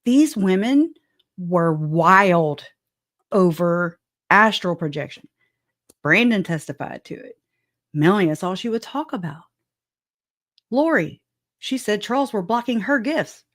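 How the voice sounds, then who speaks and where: A woman's voice: medium pitch, lively intonation, slow pace, long pauses, no room sound, studio quality. A woman hosting a casual true-crime livestream, chatting with viewers and laughing often between joking asides. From southwest Louisiana. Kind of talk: casual livestream commentary, greeting chat.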